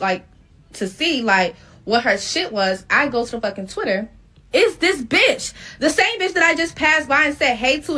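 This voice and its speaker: Woman spilling a crazy story, bright voice, cussing a lot, acts out the quotes. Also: fairly high pitch. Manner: animated, profane, acts out quotes. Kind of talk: casual storytelling.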